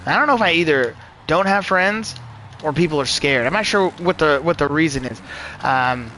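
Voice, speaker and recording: Brief: man live-streaming a racing game, slightly high voice, animated, profane chatter. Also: moderate pace, slight background noise, poor audio. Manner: profane, excitable, rambling. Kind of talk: live gameplay commentary.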